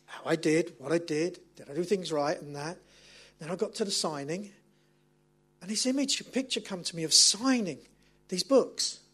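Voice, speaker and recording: A middle-aged man, preaching a sermon as an animated, self-mocking storyteller. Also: high-pitched, normal speed, breathy edge.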